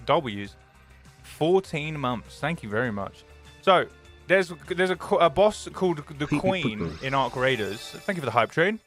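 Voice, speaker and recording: A young man, live streaming and chatting casually with viewers, greeting them by name and telling excitable stories. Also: fairly high pitch, unhurried, soft background music.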